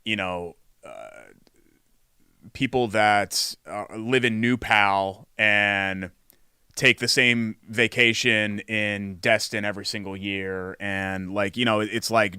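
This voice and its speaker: A man's voice: fairly low pitch, slow, clean tone, no room sound, studio quality. A man co-hosting a sports talk show, chatting casually with plenty of fillers and restarts. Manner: animated, with frequent fillers and restarts.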